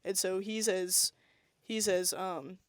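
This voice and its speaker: A woman's voice: medium pitch, takes it slowly. Laughing young woman chatting on a podcast. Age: young adult. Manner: lively, laughs often, storytelling. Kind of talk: casual chat.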